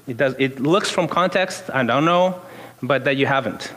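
A man's voice: mid-range voice, moderate pace, fairly bright tone. A man in his fifties, a pastor, preaching a conversational sermon full of personal stories and informal restarts. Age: 50s. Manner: storytelling, informal, frequent restarts.

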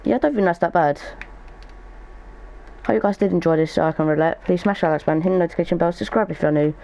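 A man's voice: on the high side, quick pace, gravelly, darkish tone, poor audio. A young man giving casual gaming commentary as a YouTuber, thinking aloud as he goes. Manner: chatty, thinks aloud while opening packs.

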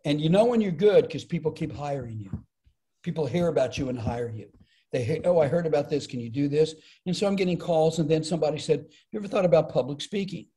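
Middle-aged comedian, animated storyteller, slightly high, mellow tone. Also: male voice, fast talker. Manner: animated, acts out quoted voices. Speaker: comedian and speaker, podcast guest. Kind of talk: storytelling in conversation.

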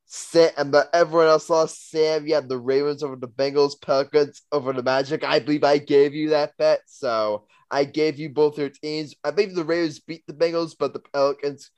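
A man's voice: fairly high pitch, steady tone, moderate pace, few pauses, a little mellow, clear, resonant tone, no room sound. Young man hosting a sports betting recap. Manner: reads out bet results and standings, upbeat. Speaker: podcast host. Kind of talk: casual sports podcast chat.

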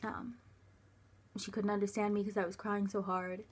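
A young woman telling a personal story in a halting, hesitant way, full of fillers, sometimes dropping to a quiet, soft voice. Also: medium pitch, flat delivery, slightly rough. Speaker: vlogger.

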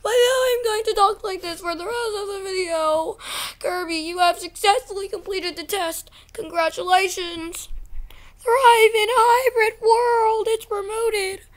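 A woman doing a deliberately annoying, squeaky, high-pitched girl voice in a sing-song manner. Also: fairly even intonation.

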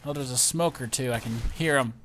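A young man hosting a casual gameplay commentary, excitable and often startled. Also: medium pitch, fairly quick, a little hiss or hum. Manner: excitable, lots of startled exclamations. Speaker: let's play host.

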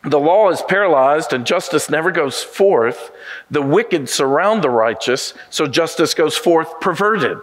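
A male pastor delivers a sermon in a somewhat high voice. He leans into key words, slowing down and lifting his pitch to press each point home. His delivery is earnest and emphatic. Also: a bit bright. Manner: preaching with emphatic rises and slowed stresses.

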